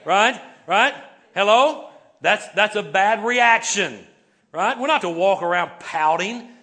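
Pastor, male, high-pitched, preaches in a chatty way, punctuates with "right?", asks the room to repeat key words. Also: expressive, takes it slowly, sharp tone. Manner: conversational, many "right?" and "okay?" tags. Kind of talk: sermon. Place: church sanctuary before a congregation.

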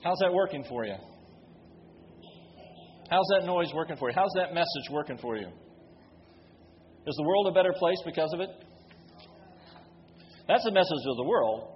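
A man's voice: fairly high pitch, lively intonation, normal speed, pauses often, slight background noise. A man preaching a sermon from the pulpit, building force with emphatic rhetorical questions. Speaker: pastor. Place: church sanctuary. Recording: dull recording with long hall reverb.

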